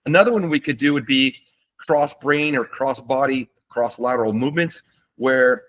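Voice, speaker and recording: Man teaching calmly in a webinar. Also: mid-range voice, moderate pace. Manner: relaxed explanatory, with fillers and restarts. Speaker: doctor presenting a webinar. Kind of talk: webinar lecture. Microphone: seated at a desk.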